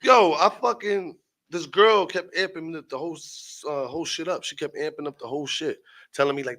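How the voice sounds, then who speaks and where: A man's voice: on the high side, a little fast, bright, forceful tone, poor audio. A young man from Brooklyn with a New York accent, a rapper telling a long, profane story as a guest and acting out the other people in it. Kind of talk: animated storytelling.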